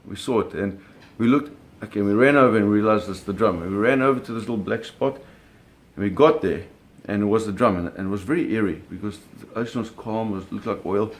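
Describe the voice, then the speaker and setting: A middle-aged man casually telling a story, animated, with sound effects and acted quotes. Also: lowish voice, a little fast, hardly any pauses. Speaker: storyteller recounting a fishing trip.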